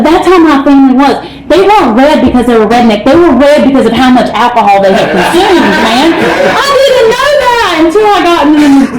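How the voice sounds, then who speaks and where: A woman's voice: a little high, a little mellow. Blunt woman in an echoey room. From North Carolina, United States. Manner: candid and blunt, with frequent "man" and "you know". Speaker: recovery speaker. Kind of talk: personal recovery testimony. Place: meeting hall. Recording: echoey room with faint ambient noise.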